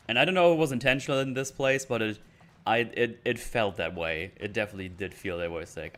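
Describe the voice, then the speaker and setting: This male YouTube reviewer speaks briskly in a fairly low voice, ranting casually about a TV episode. His delivery wanders and hesitates, full of false starts, while he animatedly acts out quotes from scenes.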